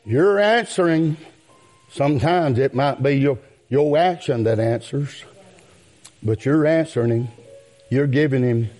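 Slow, dark-voiced preacher man. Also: medium pitch. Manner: drawn-out, preachy cadence with rising outbursts; calls out "my friend" and "yes, sir". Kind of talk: sermon.

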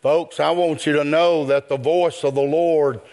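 An older man, preaching a sermon in a rhythmic style that builds to shouts. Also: fairly high pitch, fairly even intonation, measured pace.

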